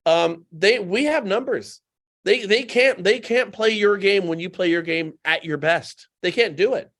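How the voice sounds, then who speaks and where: Guy on a podcast, fairly high voice, tells stories with lots of energy, hammers his points home by repeating them. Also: measured pace. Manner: animated anecdotal storytelling; emphatic, repeats points for effect. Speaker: podcast guest. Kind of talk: casual podcast conversation.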